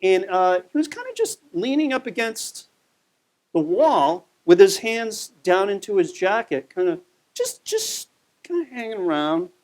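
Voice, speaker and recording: A man's voice: high voice, big pitch swings, a little slow. A man giving a conversational local history talk over a slide show, telling the story with plenty of fillers.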